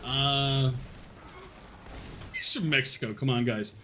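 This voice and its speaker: A young man from northern Alabama, his Southern US accent faint, streams a game and chats casually with viewers, laughing often and answering chat between plays. His voice is medium-pitched and slow-paced, with background noise.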